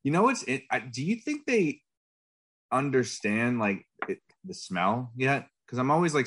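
A man in his thirties co-hosting a podcast in casual chat, talking about his young son in a laid-back, halting way. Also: medium pitch, very animated, fairly bright tone, slightly rough. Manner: laid-back, hesitant with fillers. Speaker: podcast co-host.

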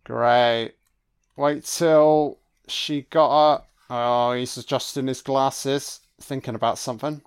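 A man's voice: mid-range voice, steady tone, slow pace, smooth. A man giving a casual, profane and sarcastic film commentary as host.

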